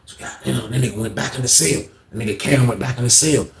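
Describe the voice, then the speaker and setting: A man's voice: medium pitch, fast, gravelly. Slangy man telling a story, echoey room. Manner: animated, slangy, acts out quoted voices. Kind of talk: casual storytelling.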